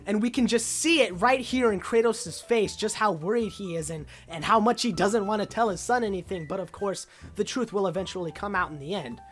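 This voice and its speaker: A woman giving casual, excited commentary on a video game trailer, rambling with lots of uh and like fillers. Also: medium pitch, a little fast, few pauses, soft background music.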